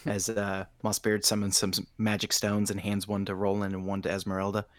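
A man playing a tabletop game in casual chat, playful, breaking into high laughing yelps. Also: monotone, normal speed, dry recording. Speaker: player.

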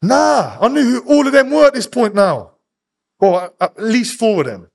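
A man from England in his thirties, a podcast guest telling a rough story fast, swearing constantly and acting out other people's lines. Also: sits high. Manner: swears constantly, rapid animated storytelling, acts out voices. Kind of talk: casual storytelling interview.

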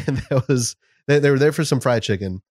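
A man's voice: mid-range voice, a little fast, a little mellow, no room sound, studio quality. Laughing, rambling man on a podcast. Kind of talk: casual chat.

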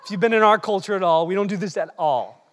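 Animated preacher in a reverberant hall. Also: medium pitch, fast talker. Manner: animated, teasing, occasionally shouting. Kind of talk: sermon. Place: large hall with long reverb.

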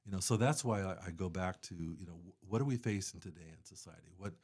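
A man's voice: low-pitched, quick pace, darkish tone, slightly rough. A man talking casually as a guest about charity work, rambling with many fillers and restarts. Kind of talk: casual conversation.

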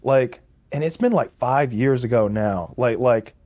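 A man's voice: medium pitch, measured pace, warm tone. A man co-hosting a podcast, telling loose stories full of fillers and swearing. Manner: loose, profane, rambling with many fillers. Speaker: podcast co-host. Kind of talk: casual chat, storytelling.

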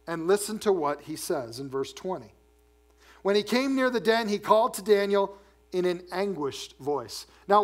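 A man preaching a sermon as pastor, animated, dropping low and soft to read scripture.

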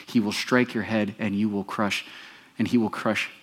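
A man voicing God as a stern judge in a Bible story, speaking slowly and solemnly. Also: on the low side, steady tone, a bit bright. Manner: solemn, slow, pronouncing. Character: God, stern judging male voice.

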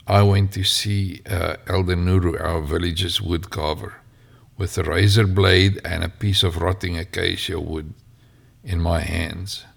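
A man narrating a story in an unhurried way, with fillers and spoken asides. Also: sits low, flat delivery, vocal fry, husky. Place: home, near a mic.

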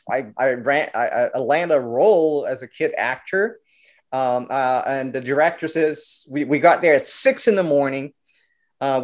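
Animated filmmaker. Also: male voice, a little high. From Brazil. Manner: animated, acts out quotes, many restarts. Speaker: guest filmmaker. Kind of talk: storytelling interview talk.

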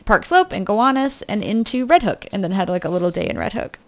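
A woman's voice: medium pitch, big pitch swings, fast. A woman hosting a podcast in casual chat, easygoing and teasing, laughing often. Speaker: podcast co-host.

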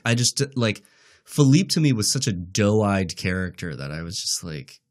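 Low-voiced man co-hosting a podcast. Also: very animated, moderate pace. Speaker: podcast co-host. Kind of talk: casual chat.

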